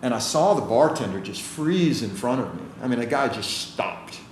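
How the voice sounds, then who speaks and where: At a moderate pace and medium pitch, an American man who works as a chiropractor recounts stories during a relaxed interview. He brings them to life by performing the quoted voices, and the room-heavy recording carries faint ambient noise.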